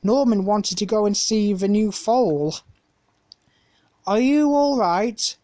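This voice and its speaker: A woman's voice: mid-range voice, slow, dark tone, no echo, natural voice. A woman voicing a bossy, teasing young boy in a storybook reading.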